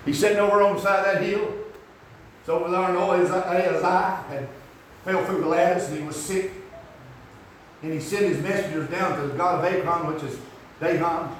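A man preaching a rambling, folksy sermon that climbs into shouts. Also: sits high, steady tone, moderate pace, slight background noise. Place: church. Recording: echoey hall from far off.

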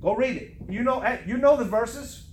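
High-pitched guy preaching, fired up and repeating himself, echoey church room. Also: moderate pace. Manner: fervent, emphatic, repeats for stress. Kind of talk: sermon. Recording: echoey room, faint noise.

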